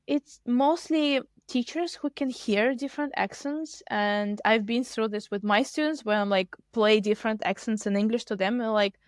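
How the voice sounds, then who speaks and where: A woman's voice: fairly high pitch, dry recording. Chatty woman, dry sound. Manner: animated, talkative, lots of "like" fillers. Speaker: podcast co-host and English teacher. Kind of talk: casual podcast chat.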